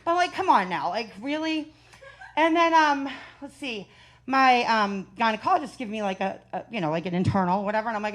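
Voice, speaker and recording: A woman's voice: high voice, animated, normal speed. Brash woman doing stand-up. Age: 40s. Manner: brash, profane, laughing through her lines. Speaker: stand-up comedian. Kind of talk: stand-up comedy set.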